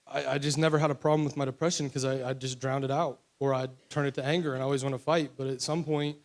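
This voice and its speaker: A man's voice: mid-range voice, little pitch movement, quick pace. A young man from West Virginia telling his personal recovery testimony in a candid, rambling way full of fillers. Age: young adult. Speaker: testimony speaker.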